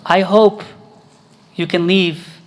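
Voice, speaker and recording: A man's voice: high voice, flat delivery, takes it slowly. A man preaching a sermon as a priest, quizzing his congregation and pressing his points with emphasis.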